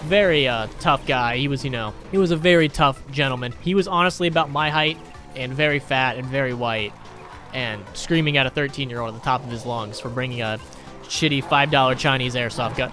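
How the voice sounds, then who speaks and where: A man's voice: medium pitch, fairly quick, bright, forceful tone, faint music behind. Crude, sarcastic young man telling a story. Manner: crude, sarcastic, rambling anecdotes. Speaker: gaming YouTuber. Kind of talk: storytelling over gameplay commentary.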